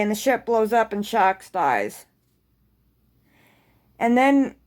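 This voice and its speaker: A woman casually recapping a TV episode, rambling excitedly and swearing freely. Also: fairly high pitch. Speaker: TV episode reviewer.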